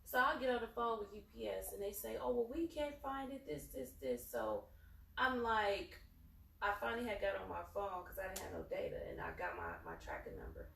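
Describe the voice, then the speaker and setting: Profane, gravelly-voiced woman telling a story. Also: mid-range voice, brisk. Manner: profane, animated storytelling, acting out both sides. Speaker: podcast co-host. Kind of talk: casual storytelling chat. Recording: echoey room, distant mic, faint ambience.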